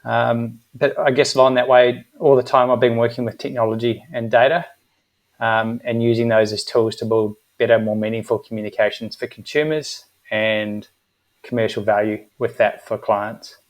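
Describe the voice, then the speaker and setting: Middle-aged new zealand guy, even and measured, lots of ums, pretty flat delivery. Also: medium pitch. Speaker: guest, agency managing director. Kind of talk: casual interview talk.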